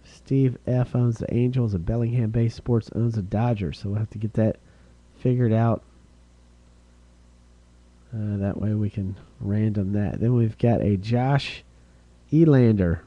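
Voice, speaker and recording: A man hosting a live-streamed card break, calling out each card and who gets it, getting excited over rare hits. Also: fairly low pitch, muffled recording. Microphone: streaming setup.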